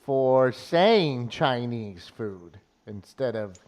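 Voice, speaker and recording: A man co-hosting a radio podcast, upbeat and quick to laugh. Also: mid-range voice. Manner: lively, laughs often, upbeat. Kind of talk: casual chat.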